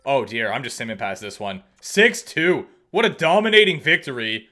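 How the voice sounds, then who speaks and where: A young man casually commenting on his own hockey video game play, chatty and self-mocking, with sudden excited outbursts. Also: medium pitch, normal speed. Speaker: gaming YouTuber.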